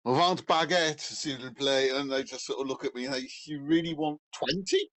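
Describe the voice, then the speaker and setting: An older man talking as a guest, with dry, wry humour and a relaxed, chatty manner. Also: mid-range voice, moderate pace. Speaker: guest on call.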